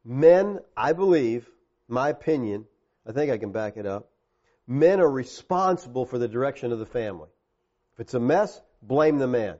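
A male pastor preaching a sermon, talking straight to the men in the room and swinging from quiet, low passages to emphatic, raised ones. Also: animated, moderate pace, highs cut off. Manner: direct, addresses the men in the congregation.

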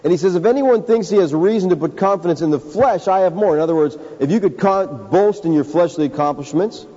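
A man's voice: high voice, expressive, fast, mellow, husky. A man preaching a sermon as a pastor, emphatic and direct, calling his listeners folks. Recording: dull lo-fi sound with long hall reverb.

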